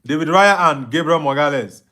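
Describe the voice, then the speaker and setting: A young man from Nigeria who speaks English with an Igbo accent hosts a live football watch-along, reading viewer comments aloud and answering them. He laughs often as he talks. His voice is bright and sits a bit high for a man. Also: moderate pace. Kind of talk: live stream chat reading.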